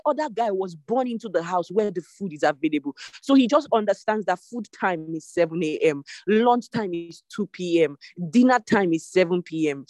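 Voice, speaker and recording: A devotion leader preaches an online sermon over a video call. The voice sits at a middling pitch and repeats its exhortations with emphasis. The sound is dry, with no room echo. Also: darkish tone.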